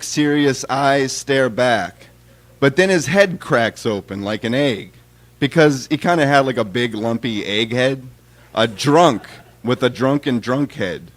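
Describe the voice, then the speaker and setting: Man reading wry poems aloud. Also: mid-range voice. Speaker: poet reading his own work. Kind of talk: live poetry reading.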